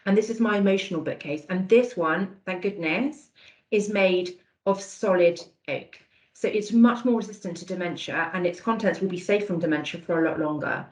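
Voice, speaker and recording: A woman leads an online awareness session over a video call, encouraging and conversational as she praises answers from the chat. Her voice sits a little low. The sound is roomy and echoey. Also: moderate pace, darkish tone. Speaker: dementia awareness session presenter. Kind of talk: online training talk.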